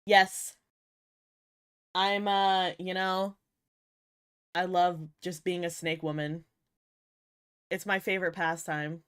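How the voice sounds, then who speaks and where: A woman's voice: fairly low pitch, level tone, slow, pauses often, fairly bright tone, clear, resonant tone, no echo, clean studio sound. A young woman VTuber chatting casually with her viewers, playful and giggly, teasing them and swearing often, a little tired. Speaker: VTuber streamer. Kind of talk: casual livestream chat with viewers.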